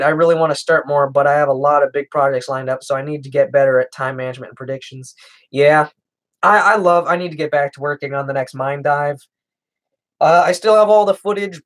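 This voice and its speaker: A young man streaming, answering chat questions in a casual, rambling way, hesitating often and chuckling. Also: fairly high pitch. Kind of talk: casual livestream Q&A.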